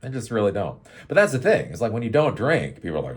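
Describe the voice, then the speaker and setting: A man's voice: on the low side, huge pitch swings, fast talker. A man hosting his own show, talking in a casual, rambling monologue and laughing often. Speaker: show host.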